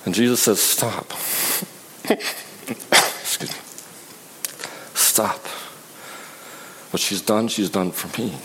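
A man with a lowish voice delivering a sermon in a conversational, unpolished way. He often stops and restarts mid-sentence. A faint hiss sits under the recording. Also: extremely slow, long pauses, a bit bright, low-quality recording. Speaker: preacher.

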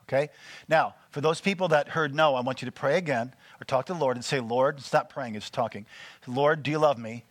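A man's voice: medium pitch, a little fast, no echo. A man preaching to a small church group, coaching them through listening exercises with frequent check-ins. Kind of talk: teaching sermon with group exercises.

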